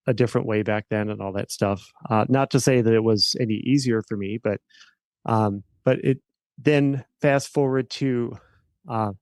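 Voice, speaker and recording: A middle-aged man speaks as a podcast guest, telling a personal story. He talks haltingly, with many fillers and restarts. His voice sits at an ordinary pitch, and a close mic keeps the sound dry. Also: a little mellow, no echo. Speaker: podcast guest, estate planning attorney.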